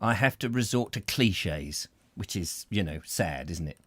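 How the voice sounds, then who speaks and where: A man's voice: low-pitched, lively intonation, unhurried, a bit bright, breathy edge, no echo. Jokey rambling man with a southern English accent. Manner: rambling, jokey, self-mocking. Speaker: host. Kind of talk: casual comedy chat.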